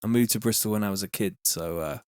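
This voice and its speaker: A man's voice: fairly low pitch, lively intonation, fast talker, vocal fry, darkish tone, no room sound, clean studio sound. A man with a London accent chatting casually on a music-making livestream, laid-back and slangy, thanking viewers as he works. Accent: London English. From England. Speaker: music producer streaming live.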